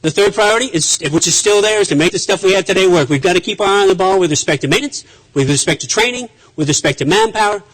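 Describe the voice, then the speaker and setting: Emphatic high-voiced naval officer speaking. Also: male voice, fast, a bit bright, rough recording. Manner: emphatic, repetitive, with restarts. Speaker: naval officer giving a speech. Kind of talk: conference speech.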